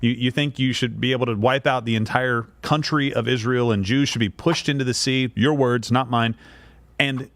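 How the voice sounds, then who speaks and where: A man's voice: mid-range voice, steady tone, normal speed, a bit bright, no echo. A man co-hosting a podcast, talking in an emphatic, opinionated way. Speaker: podcast co-host. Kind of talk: casual chat.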